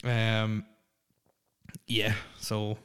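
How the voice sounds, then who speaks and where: A man's voice: on the low side, monotone, drawn-out words, fairly bright tone, clear, resonant tone. A young man hosting a casual solo podcast from a house, rambling with lots of fillers, stammers and restarts. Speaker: podcast host. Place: alone in a house.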